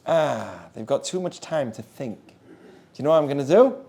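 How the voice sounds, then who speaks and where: A man teaching a class as a rabbi, animated, asking his listeners questions and mixing in Hebrew terms. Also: mid-range voice, normal speed, creaky, breathy edge. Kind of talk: lively Torah class.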